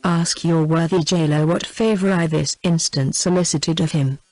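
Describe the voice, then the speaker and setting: Audiobook: British female TTS voice as a manipulative captive noblewoman, even and unacted. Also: low-pitched, moderate pace, over music, lightly acted, poor audio. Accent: British English. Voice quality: even synthetic delivery. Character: scheming imprisoned noblewoman, pleading.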